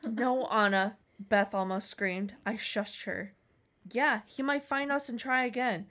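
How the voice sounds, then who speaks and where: Young woman, fairly high voice, reads her teenage fanfic aloud with theatrical flair. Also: a little slow, a bit bright. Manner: theatrical reading, jumping high for quoted lines. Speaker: co-host reading her old writing aloud. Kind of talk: dramatic reading of teenage fan fiction.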